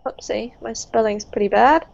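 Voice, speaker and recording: A woman's voice: moderate pace, gravelly, darkish tone. Upbeat woman teaching pronunciation online. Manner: encouraging, laughs often, praises each student. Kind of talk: live online group lesson. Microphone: video call. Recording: dull low-fidelity video call audio.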